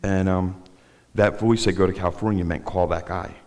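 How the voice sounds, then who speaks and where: Man, middle-aged, very deep voice, rambling halting testimony, synagogue talk, long hall reverb. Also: steady tone, a little mellow. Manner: rambling, halting, with many restarts. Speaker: guest speaker. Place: synagogue sanctuary.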